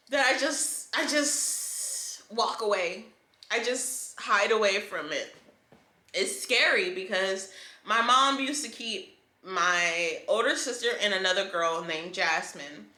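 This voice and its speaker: Young woman vlogger, bright higher voice, candid and emotional, roomy echo. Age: 20s. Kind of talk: personal storytelling vlog.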